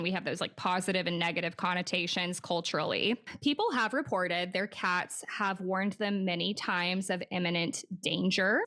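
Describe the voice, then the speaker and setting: A woman's voice: lowish voice, a bit bright. A woman hosting a podcast in casual chat, telling a story with many fillers and easy laughter. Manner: chatty, many fillers, giggly.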